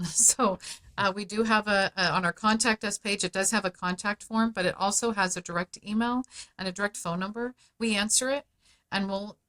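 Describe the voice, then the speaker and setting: A middle-aged woman, founder of a parents' advocacy group, appears as a guest on a podcast interview. Her mid-range voice holds a steady tone but sounds pushed and bright. She argues emphatically and persuasively, leaning on key words and speeding up or slowing down for stress.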